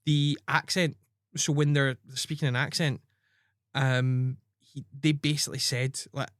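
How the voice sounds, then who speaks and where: A man's voice: mid-range voice, level tone, unhurried, a bit bright, no echo, clean studio sound. A man chatting casually as a podcast co-host and dungeon master, rambling with filler words. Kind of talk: casual chat.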